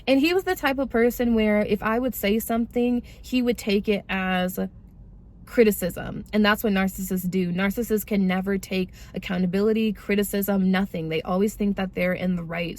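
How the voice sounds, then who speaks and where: A young woman speaks to her audience in a casual, candid way, calling them "y'all" as she works through a personal testimony. Her voice sits in a middling pitch, and her storytelling is conversational rather than polished. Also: darkish tone. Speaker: vlogger sharing a personal testimony.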